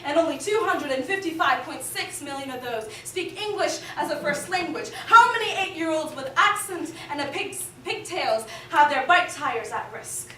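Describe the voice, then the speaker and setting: A woman's voice: high voice, lively intonation, moderate pace, pushed and bright, recorded from a distance, a little hiss or hum. A young woman performing spoken word poetry on stage, rhythmic and building to impassioned appeals. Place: performance hall. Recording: roomy hall recording from afar.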